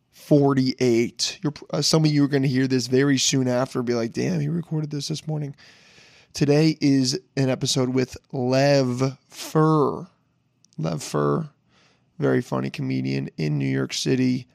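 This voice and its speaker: A young man hosting a casual podcast, hoarse from a lost voice, rambling and joking with plenty of swearing. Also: mid-range voice, a little mellow, no echo, clean studio sound. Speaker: podcast host. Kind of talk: casual solo podcast intro.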